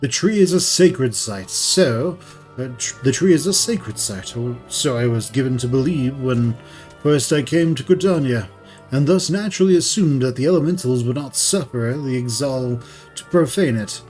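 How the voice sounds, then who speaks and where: A formal, courteous gentleman from a fantasy game, read aloud by a man, worried and choosing stiff, archaic words. His voice sits at a middle pitch. Soft music runs behind. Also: expressive, normal speed, lightly acted. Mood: concerned.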